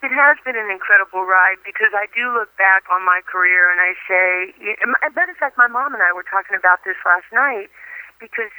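Sharp-voiced woman telling lively anecdotes. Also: medium pitch, a little fast, smooth, no echo, poor audio. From New York. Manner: lively anecdotes, laughs often. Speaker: interview guest, former athlete. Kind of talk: phone interview, storytelling.

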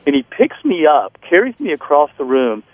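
Man, middle-aged, author guest, earnest halting storyteller, from North Carolina, phone-line radio audio. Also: fairly high pitch, wildly swooping pitch, dry recording. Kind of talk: storytelling interview.

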